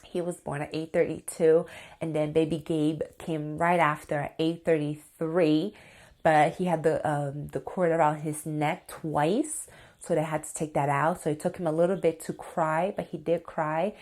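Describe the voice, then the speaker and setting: Speaking straight to camera at an ordinary speed, a chatty thirty-something woman vlogger shares a story. She gets excited, her slightly low voice peppered with "like" and frequent calls of "you guys" to her viewers.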